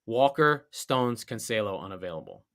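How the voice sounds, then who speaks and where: A man co-hosting a podcast, chatting casually about soccer, getting excited and swearing when worked up. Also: on the low side, normal speed. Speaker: podcast co-host. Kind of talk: casual sports chat.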